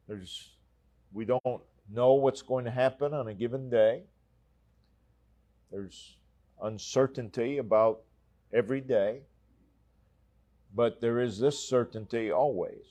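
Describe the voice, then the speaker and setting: Slow, emphatic male preacher. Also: medium pitch, warm tone. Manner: slow, emphatic, repeating key phrases. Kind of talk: sermon. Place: church.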